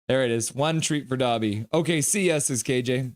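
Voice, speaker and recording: A man's voice: medium pitch, moderate pace, few pauses. A man hosting a live stream, chatting casually, reading out viewer comments and teasing and thanking people by name. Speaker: livestream host.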